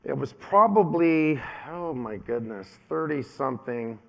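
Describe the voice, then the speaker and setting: A man in his fifties giving a keynote speech, telling personal stories in an animated way and acting out what other people said. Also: medium pitch, unhurried, gravelly. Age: 50s. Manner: animated storyteller, acts out quoted voices. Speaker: keynote speaker.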